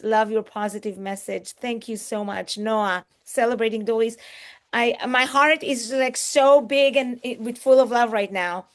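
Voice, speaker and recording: A middle-aged woman hosting an online book launch over a video call, reading out chat comments in an effusive, exclamatory way. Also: on the high side. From Israel. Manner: effusive, exclamatory, warm thanks to each commenter.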